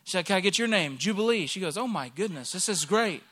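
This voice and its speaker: Here a man in his thirties, an Alabama preacher, tells a spirited personal story as his sermon, mimicking the people he quotes. His voice is high, and he talks fast.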